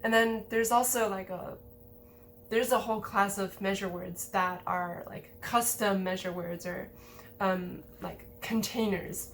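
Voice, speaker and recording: A woman's voice: medium pitch, steady tone, a little slow, slight background noise. A woman giving a casual lesson over slides, explaining in a chatty way with many fillers. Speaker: language teacher.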